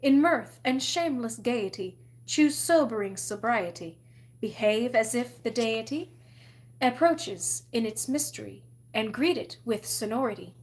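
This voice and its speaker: A woman's voice: a little high, lively intonation, a little slow. A woman putting on a pompous, declaiming headmistress. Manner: grandiose, declaiming. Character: pompous theatrical older headmistress.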